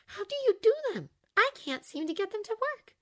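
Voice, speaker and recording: A woman voicing an upset twelve-year-old schoolgirl witch who speaks in a high, trembling voice. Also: very animated, normal speed, fairly bright tone, heavily acted. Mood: earnest. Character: tearful young schoolgirl witch, girl about twelve. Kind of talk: audiobook character voice.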